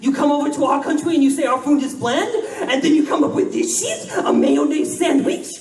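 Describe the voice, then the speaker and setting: Guy doing a sneering english traveler, over-the-top indignant, higher voice, echoey hall from far off. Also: lively intonation, brisk, darkish tone. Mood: scornful. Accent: put-on English. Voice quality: exaggerated, indignant. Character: scornful English traveler mocking Americans. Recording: roomy hall, voice from afar.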